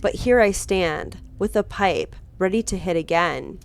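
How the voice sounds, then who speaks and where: A woman streamer reading a visual novel aloud with dramatic, expressive narration, breaking in with her own reactions. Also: lowish voice, a little slow, vocal fry. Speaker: game streamer.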